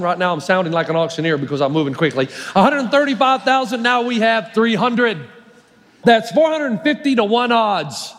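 A man's voice: high-pitched, animated, normal speed, fairly bright tone. A male pastor preaching a sermon, storytelling and emphatic, with long hall reverb. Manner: storytelling, emphatic, varies his pace.

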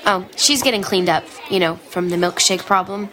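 A woman's voice: mid-range voice, moderate pace, bright, forceful tone, natural voice. An actress playing a good-natured, slightly clumsy teenage girl who talks sheepishly. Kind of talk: radio drama acting.

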